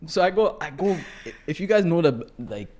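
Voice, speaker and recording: Young guy from the toronto area spinning a story on a podcast, super fast, slangy, laughing a lot. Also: a little high. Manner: animated, slangy, laughs often. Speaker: guest. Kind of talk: casual storytelling.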